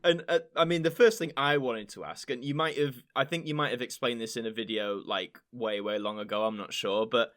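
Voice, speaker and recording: A man's voice: medium pitch, fairly quick, hardly any pauses, fairly bright tone. A man hosting a podcast, chatting casually with a guest and laughing often. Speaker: podcast host. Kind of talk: casual interview chat.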